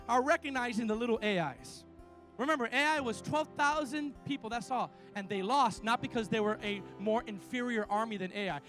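A middle-aged male pastor preaching a sermon, telling stories with lively call-and-response to his congregation. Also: extremely high pitch. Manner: animated storytelling with call-and-response.

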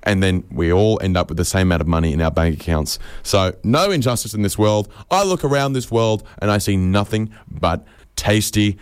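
Deadpan comic man with a low voice. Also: normal speed, clear, resonant tone, no echo. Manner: deadpan absurd, acts out quoted voices. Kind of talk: comedic monologue.

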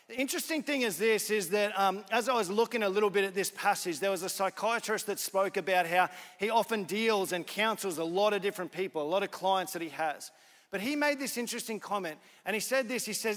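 A man's voice: sits high, fairly quick, fairly bright tone. A young adult man, preaching a sermon in a church hall, telling stories casually with many fillers and restarts. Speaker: pastor. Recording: long hall reverb.

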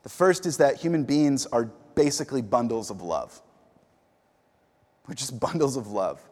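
A man delivers a sermon as the community's pastor. He talks in an easygoing, chatty way, stumbling and repeating words as he tells a story. His voice sits at an ordinary middle pitch and carries a long reverb from a large hall. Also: lively intonation, normal speed, a little mellow. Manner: conversational storytelling with fillers and repeats.

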